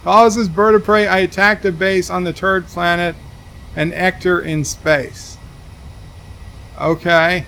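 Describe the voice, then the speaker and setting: A man's voice: high voice, flat delivery, takes it slowly, vocal fry, pushed and bright, a little hiss or hum. A man streaming a game, reading chat messages aloud and answering them with dry asides. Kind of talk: casual livestream commentary.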